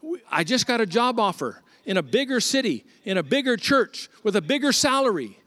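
A man voicing an excited pastor husband in a joke, speaking up high and eager. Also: fairly quick, dry recording, heavily acted.

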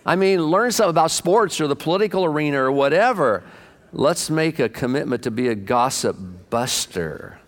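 Animated conversational man preaching. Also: fairly high pitch, normal speed. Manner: animated, conversational preaching with rhetorical questions to the congregation; self-deprecating and candid. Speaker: pastor. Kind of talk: sermon. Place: church sanctuary.

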